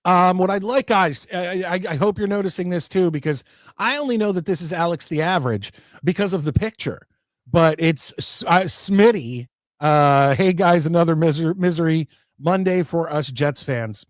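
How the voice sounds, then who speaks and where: A man's voice: fairly high pitch, moderate pace, dry recording, clean studio sound. A man hosting a casual sports talk show, reading viewer comments aloud and ranting with many restarts. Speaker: podcast host reading chat.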